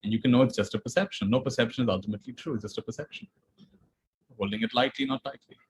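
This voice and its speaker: Soft-spoken husky male spiritual teacher. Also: mid-range voice, racing, low-quality recording. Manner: calm, repetitive, gently emphatic, soft laughs. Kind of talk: talk to an online audience.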